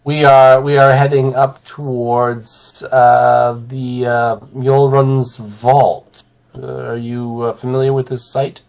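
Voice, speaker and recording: A man playing a character in a tabletop role-playing game, speaking in a halting, polite manner. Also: medium pitch, level tone, gravelly, darkish tone. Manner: halting, polite, stumbling over words. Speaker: player.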